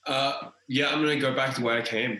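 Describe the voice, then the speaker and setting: A man's voice: medium pitch, steady tone, brisk, sharp tone, slight background noise. A man playing a tabletop game, talking casually in a loose, rambling way full of fillers. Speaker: player. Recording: echoey room.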